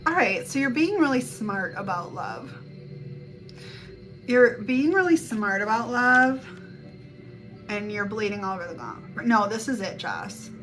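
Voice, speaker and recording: A woman's voice: on the high side, expressive, a little slow, pauses often. Blunt rambling woman giving a spiritual reading. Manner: rambling and blunt, swears casually. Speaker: psychic reader on a live stream. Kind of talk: casual spiritual reading chat. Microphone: phone mic. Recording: music playing behind the voice. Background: music.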